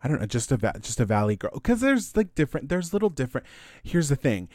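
A man's voice: medium pitch, big pitch swings, fast talker, a little mellow, no echo, studio quality. A man co-hosting a podcast, chatting in a playful, goofy way. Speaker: podcast co-host. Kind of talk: casual chat.

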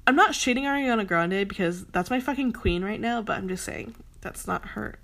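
A woman's voice: medium pitch, normal speed, creaky, a bit bright. A young woman ranting heatedly in a commentary vlog, emphatic and swearing often, with a lot of "like" fillers. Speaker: commentary vlogger.

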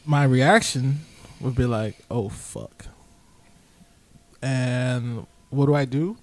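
A man's voice: medium pitch, steady tone, slow. A young man casually telling a long story on a podcast, profane and laid-back, acting out both sides of the conversation. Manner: profane, laid-back, quotes himself a lot. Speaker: podcast guest.

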